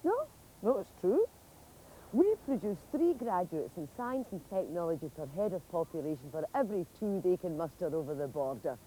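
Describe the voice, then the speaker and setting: Scottish lady doing a mocking little comic monologue, mellow tone, faint hiss behind. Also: fairly low pitch, normal speed, poor audio. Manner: chatty, mocking, animated.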